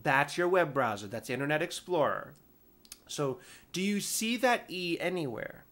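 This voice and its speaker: A man's voice: a little high, moderate pace. Guy telling old it support stories, exasperated and jokey, voice jumps all over. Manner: animated, exasperated, self-mocking. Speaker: storyteller, former IT support worker. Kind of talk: casual personal storytelling.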